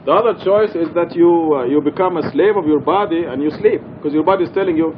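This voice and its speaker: Earnest man teaching in a mosque. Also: fast talker. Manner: earnest, explanatory, emphatic with occasional laughs. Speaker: Quran study teacher. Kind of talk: informal religious study talk. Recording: dull lo-fi archival recording with faint rumble.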